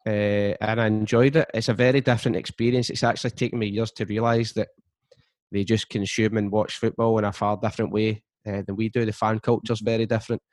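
A man's voice: on the low side, a little fast, dry recording, clean studio sound. Man telling stories steadily. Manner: steady storytelling, frequent restarts. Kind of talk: casual chat.

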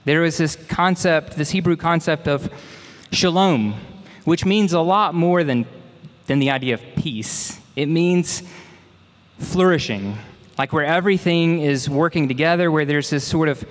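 A man's voice: fairly high pitch, unhurried, long reverb tail. A young man from Mississippi, preaching a sermon in a conversational, folksy way with asides to the congregation. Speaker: pastor.

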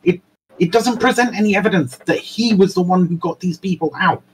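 A man's voice: high-pitched, a little fast, a little hiss or hum, rough recording. A man arguing angrily in an online debate, swearing often and repeating himself. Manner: angry, profane, repeats himself.

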